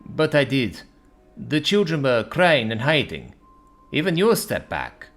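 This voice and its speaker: A man's voice: mid-range voice, wildly swooping pitch, measured pace, a bit bright, pitched above the performer's own voice, heavily acted. A man voicing a sad, insecure young male dragon who speaks hesitantly and plaintively.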